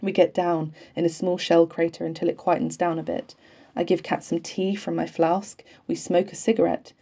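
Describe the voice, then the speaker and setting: Low, flat-voiced woman reading a novel. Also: gravelly, husky. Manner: measured, unhurried, with occasional slips left in. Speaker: audiobook reader.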